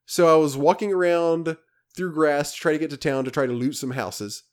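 A man with a slightly higher voice chats casually as a podcast co-host. He tells his game story in a rambling, animated way, restarting his sentences often. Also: normal speed. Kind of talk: casual chat about video games.

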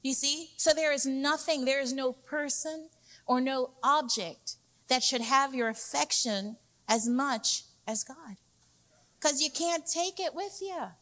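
A woman's voice: high-pitched, takes it slowly, a bit bright. Emphatic woman pastor preaching. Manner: emphatic, repeats key phrases for the congregation; addresses listeners as "y'all". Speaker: executive pastor. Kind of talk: sermon.

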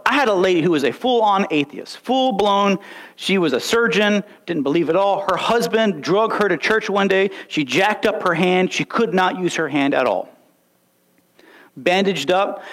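High-voiced man preaching with fervor. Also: fairly bright tone. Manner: emphatic, storytelling, rhetorical questions. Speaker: pastor. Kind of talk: sermon.

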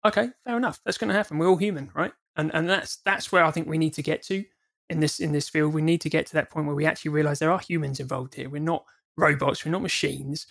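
A man's voice: a little high, fairly even intonation, fast talker, gravelly, fairly bright tone. A man, a former auditor, talking as a guest in a casual podcast discussion, earnest and often repeating his words as he starts sentences.

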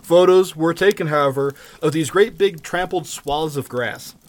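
A man's voice: fairly high pitch, normal speed. A man co-hosting a casual podcast, telling a story in a loose, joking way with plenty of fillers and swearing. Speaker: podcast co-host.

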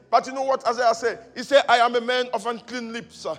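A man preaching a sermon as pastor, repeating phrases with passion and swinging from soft to loud. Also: very high-pitched, fairly even intonation, fairly quick, faint music behind. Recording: long hall reverb.

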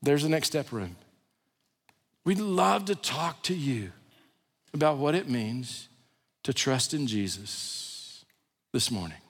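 A man preaching a sermon as pastor, earnest, dropping to a hushed, low voice for prayers, in a large church sanctuary. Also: lively intonation, takes it slowly, pauses often, husky. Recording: long reverb of a large hall.

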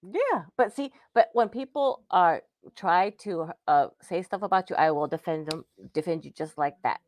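A woman co-hosting a podcast, chatty and excitable, often breaking into giggles. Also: fairly low pitch, moderate pace, no room sound, clean studio sound. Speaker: podcast co-host. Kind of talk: casual chat.

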